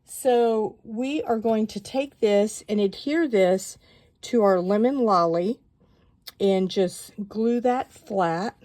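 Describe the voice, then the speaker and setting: A woman calmly walking viewers through a stamping craft project step by step, chatty and given to rambling asides. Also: medium pitch, slow.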